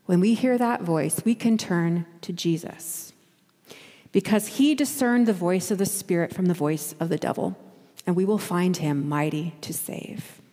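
A woman's voice: on the low side, unhurried, mellow, long reverb tail. A woman pastor delivering a sermon in a conversational way, acting out the voices she quotes.

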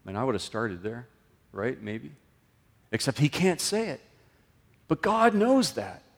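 A man preaching a sermon in a conversational way, his voice often rising and then dropping low and soft. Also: big pitch swings, measured pace. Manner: conversational, with sudden lifts and drops in pitch and loudness. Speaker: pastor. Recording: long reverb of a large room.

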